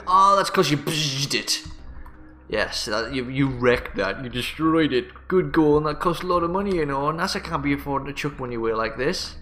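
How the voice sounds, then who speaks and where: A man's voice: medium pitch, expressive, fairly quick, pushed and bright, soft background music. A man hosting a gaming channel, giving joking, sarcastic, rambling let's play commentary.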